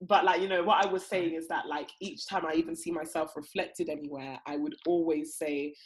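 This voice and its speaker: A woman's voice: low-pitched, fairly even intonation, a little fast, slight background noise, rough recording. A young woman co-hosting a podcast, chatting casually, laughing often and repeating herself. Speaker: podcast co-host. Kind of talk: casual chat.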